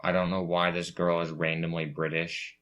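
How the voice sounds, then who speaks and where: A man's voice: deep voice, monotone, normal speed, a bit bright. A man co-hosting a casual movie review podcast, blunt and jokingly sure of his own opinions. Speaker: podcast co-host.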